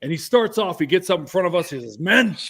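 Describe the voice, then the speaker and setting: A man, a former college football player, telling a team story in an animated, casual podcast chat. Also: high-pitched, quick pace.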